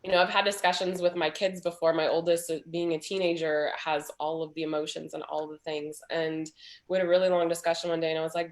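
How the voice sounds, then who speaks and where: A woman's voice: deep voice, flat delivery, fast talker. A woman in her thirties, a small business owner, talking candidly and chattily in a group video chat. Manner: candid, chatty, says "like" a lot.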